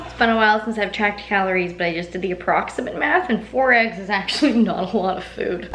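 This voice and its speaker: A woman's voice: medium pitch, vocal fry, fairly bright tone. A woman chatting casually as a fitness vlogger, upbeat and chatty, often laughing. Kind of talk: casual vlog chat. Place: home kitchen, then out and about. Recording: echoey room, faint background noise.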